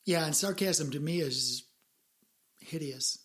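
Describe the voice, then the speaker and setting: A woman co-hosting a casual podcast, talking in an earnest, reflective way as she works through her ideas out loud. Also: deep voice, takes it slowly. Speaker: podcast co-host.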